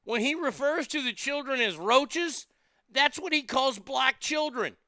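A man's voice: very high voice, lively intonation, unhurried, sharp tone, no room sound. A man hosting a show, ranting angrily with heavy swearing. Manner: profane, heated, swearing often. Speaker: host. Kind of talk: angry commentary rant.

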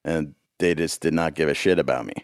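A man's voice: extremely low pitch, fairly even intonation, brisk, dry recording, clean studio sound. A man, a musician guest on a podcast, telling a rambling story in casual chat with frequent laughs.

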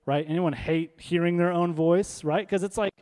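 Conversational pastor preaching, slightly high voice. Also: male voice, steady tone, normal speed, a little mellow. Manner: conversational, emphatic preaching with rhetorical questions. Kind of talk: sermon.

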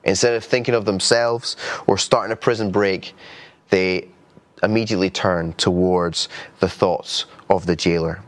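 A man's voice: deep voice, fairly even intonation, moderate pace. A man preaching a sermon in an earnest, conversational way, with frequent restarts. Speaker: pastor.

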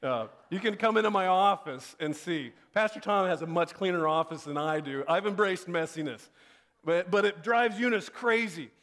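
A man's voice: moderate pace, a bit bright. A man in his thirties preaching a sermon. He tells a family story in a chatty way and acts out what he and his kids said. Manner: conversational storytelling, acts out quoted lines with rising pitch. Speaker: pastor.

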